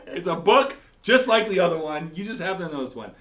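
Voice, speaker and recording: A man's voice: high-pitched, expressive, fast, a crowd in the background. A man hosting a casual quiz game, teasing and rambling in playful banter. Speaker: pastor and show host. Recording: echoey room.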